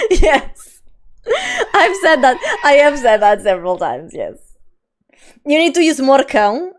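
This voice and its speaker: A young woman with a light Portuguese accent and a fairly high voice, chatting away on a live stream. She talks in a loose, rambling way, laughs often and swears without a second thought. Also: sing-song, unhurried, pauses often. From Portugal, Lisbon. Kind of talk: casual live-stream chat.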